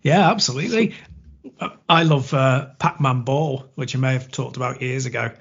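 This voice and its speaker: Gravelly, husky man in relaxed chat. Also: mid-range voice, moderate pace, highs cut off. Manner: laid-back, agreeable, laughs often. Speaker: podcast co-host. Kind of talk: casual chat.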